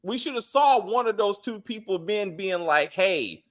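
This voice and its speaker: A man co-hosting a casual TV review chat, animated and often acting out scene lines in put-on voices. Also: high-pitched, normal speed. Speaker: co-host reviewing a TV show.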